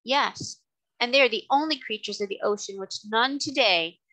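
Woman doing a calm, kind fairy queen of the sea from a storybook, bright tone. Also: on the high side, voice pushed up, poor audio. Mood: gentle. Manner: gentle and measured.

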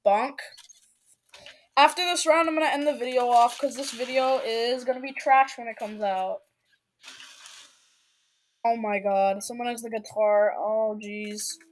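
A woman with a high, bright voice talks through her gameplay at an unhurried pace, joking around. She is silly and excitable, and she often breaks into sudden shrieks and shouts. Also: slight background noise. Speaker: gaming video creator. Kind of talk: let's play gameplay commentary.

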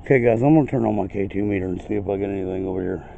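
A man hosts a ghost-hunting vlog outside in a cemetery, chatting casually and calling loudly to spirits. His voice is mellow and dark. The recording is dull and a bit muffled, with faint outdoor noise. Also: on the low side, racing, creaky. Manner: calls out to spirits in a raised voice. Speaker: paranormal investigator vlogger.

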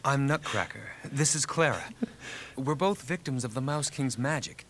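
An actor with a British accent playing an earnest, loyal young nutcracker prince in an animated film, calm and sincere. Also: male voice, medium pitch, normal speed, a little hiss or hum, natural voice.

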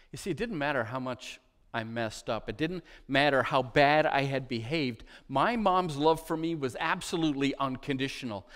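A middle-aged man preaching a sermon as pastor, telling a childhood story and sinking to a hush at its tender moments. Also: on the high side, moderate pace, long reverb tail. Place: church.

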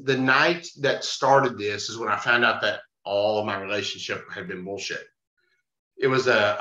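A man with a bright, forward voice tells a rough bar story in loose, casual talk, swearing freely and acting out what others said. His voice sits in a roomy space, and the sound is a little dull and muffled. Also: medium pitch. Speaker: podcast guest, bar bouncer.

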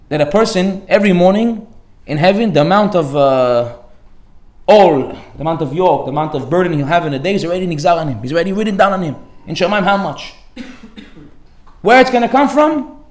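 High-voiced rabbi telling a story. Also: male voice, roomy sound. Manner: storytelling with rhetorical questions and Hebrew phrases. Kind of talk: Torah class sermon.

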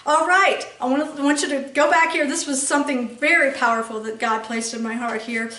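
A woman's voice: sits high, fairly even intonation, a little fast, pushed and bright. A woman preacher teaching a sermon emphatically, checking in with her listeners by asking "okay?" again and again. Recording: echoey room, voice from a distance.

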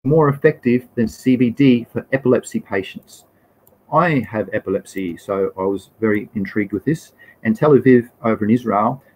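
A man's voice: fairly low pitch, highs cut off, a little hiss or hum. A young Australian man hosting a casual live stream, reading from slides in a rambling way and greeting viewers in the chat.

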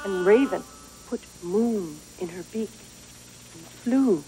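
A woman reading a storybook aloud, with slow, expressive storytelling. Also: mid-range voice, slight background noise, rough recording. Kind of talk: read-aloud storybook narration.

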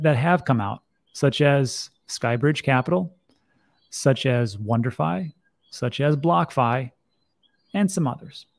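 A man's voice: on the high side, a little mellow. A middle-aged man giving casual commentary on crypto news, chatty and wry, often breaking off mid-thought. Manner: chatty, wry asides, restarts.

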